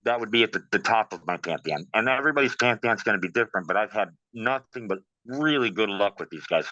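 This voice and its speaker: A man talking casually in an interview, telling stories in a lively way and saying "man" and "bro" a lot. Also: fairly low pitch, fast, no echo. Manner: animated storytelling, says "man" and "bro". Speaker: guest practitioner. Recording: dull, dry sound.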